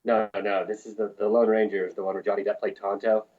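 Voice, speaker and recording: A man's voice: lowish voice, little pitch movement, quick pace, narrow, tinny audio. A man from New Mexico who works on film crews, telling profane, rambling anecdotes in a casual interview. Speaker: film crew lighting technician, guest.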